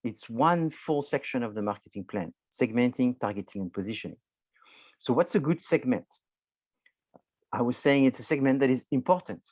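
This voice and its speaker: A man's voice: medium pitch, lively intonation, moderate pace, a little mellow, dry recording, rough recording. A man lecturing a university marketing class, explaining loosely with many restarts and filler words, addressing students directly.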